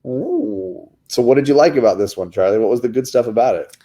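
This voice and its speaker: A man's voice: medium pitch, very animated, brisk, vocal fry, warm tone. A man hosting a casual show reviewing comic books with his kids, talking enthusiastically and often restarting his words. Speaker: comic book show host.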